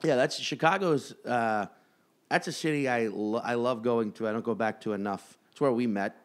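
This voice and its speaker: A man's voice: medium pitch, moderate pace. A man co-hosting a podcast in casual chat, rambling and self-mocking as he talks. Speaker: podcast co-host.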